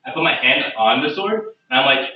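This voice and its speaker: Man as tabletop player, halting and animated, far off-mic, lo-fi. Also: mid-range voice. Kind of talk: tabletop role-play. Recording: echoey, distant, dull room recording.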